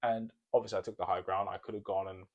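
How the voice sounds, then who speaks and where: Young male co-host, lowish voice, telling animated stories in a relaxed chat. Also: fast talker, lo-fi sound. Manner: animated, ranting with laughter. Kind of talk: casual storytime chat.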